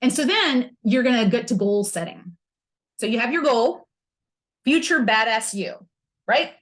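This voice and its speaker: A woman hosts a podcast in a candid, humorous self-help chat, with playful slang. Her voice sits a little high and swoops up and down with lively energy. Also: unhurried. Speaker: podcast host.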